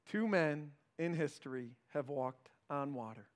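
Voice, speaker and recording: High-voiced preacher, loud to hushed. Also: male voice, expressive, unhurried. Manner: acts out quoted lines in voices. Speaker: pastor. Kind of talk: sermon.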